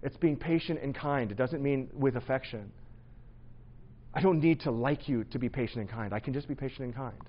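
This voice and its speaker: A man's voice: mid-range voice, brisk, highs cut off. A man preaching in a church, casual and self-deprecating, talking to his congregation. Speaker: pastor. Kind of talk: sermon. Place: church hall.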